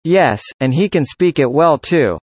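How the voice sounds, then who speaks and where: Scripted practice dialogue, speaker, mid pitch, even question-and-answer reading, dry recording. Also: a little slow, slightly rough, no echo. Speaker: dialogue reader.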